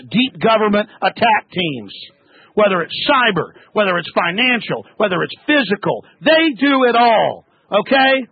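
A man hosting a talk radio show, ranting angrily and shouting insults at callers, with a gravelly, husky voice on a tinny broadcast. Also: sits high, no echo. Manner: angry, shouting tirades at callers.

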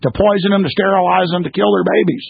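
A man with a high, gravelly and raspy voice hosts a talk radio show in a heated, ranting monologue. He speaks straight to his listeners. The sound is dull and lo-fi, like an old radio broadcast. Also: fairly even intonation, quick pace, no echo.

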